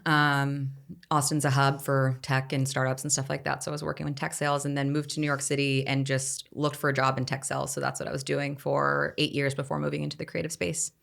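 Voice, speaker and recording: A woman's voice: rumbling low, level tone, fairly quick, creaky, fairly bright tone. A woman in her thirties from Texas, chatting casually as a podcast guest and leaning on fillers like "like" and "you know.". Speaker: guest content creator.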